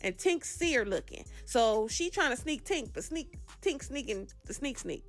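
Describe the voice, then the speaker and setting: A woman's voice: sits high, animated, normal speed, soft background music. A woman hosting a casual reality TV recap, talking sassy and slangy with dramatic asides. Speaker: reality show recap host.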